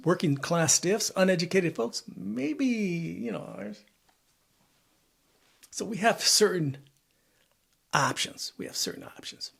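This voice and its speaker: A man in his seventies giving a rambling, repetitive opinion monologue, listing things and asking himself questions. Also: on the high side. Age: 70s. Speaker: vlogger. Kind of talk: casual spoken opinion monologue.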